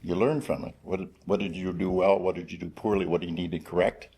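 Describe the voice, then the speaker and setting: A man's voice: low voice, fairly even intonation, quick pace, warm tone, husky. An older man, a veteran football coach, plainspoken and fond of short punchy sayings. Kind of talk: panel discussion.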